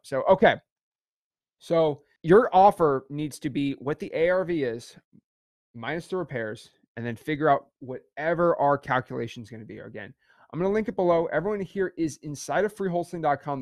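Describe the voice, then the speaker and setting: A man's voice: mid-range voice, no echo, clean studio sound. A man teaching an online real estate session in an emphatic, repetitive way, checking in with "okay" again and again.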